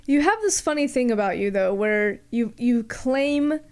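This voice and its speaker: A woman's voice: a little high, a little slow, clear, resonant tone. A woman co-hosting a podcast, chatty and playful, often cutting in mid-sentence. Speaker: podcast co-host. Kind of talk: casual chat.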